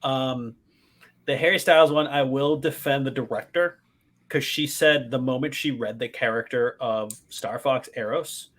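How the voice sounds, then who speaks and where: A man co-hosting a podcast, excitedly retelling his movie reactions in casual, swearing chat. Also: mid-range voice, a little slow. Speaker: podcast co-host.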